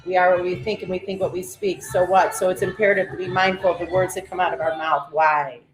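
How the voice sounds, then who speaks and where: A middle-aged woman leading a live-streamed breathing and affirmation session, energetic and encouraging, calling out viewers by name. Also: lowish voice, quick pace. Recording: roomy echo with faint music.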